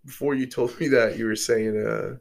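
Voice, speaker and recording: A man's voice: medium pitch, fairly even intonation, moderate pace, vocal fry, a little mellow. A young adult man, a podcast guest, chatting in a laid-back way, swearing and saying "bro" often. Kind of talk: casual chat.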